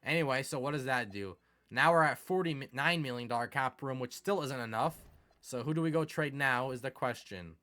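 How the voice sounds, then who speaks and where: A young man giving casual commentary over a sports video game, excitable and quick to turn exasperated. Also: medium pitch. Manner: excitable, swings from mumbling to exasperated yelling. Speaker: gaming commentator.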